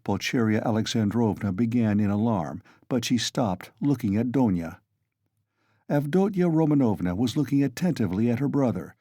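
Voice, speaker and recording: A man narrating an audiobook with a steady, expressive reading. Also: medium pitch, slightly rough, no room sound, studio quality.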